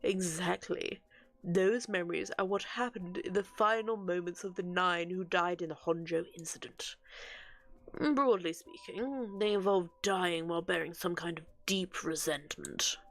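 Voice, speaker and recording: A woman reading game dialogue aloud for an earnest, scholarly male occult researcher, with a measured, explanatory delivery. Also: lowish voice, soft background music.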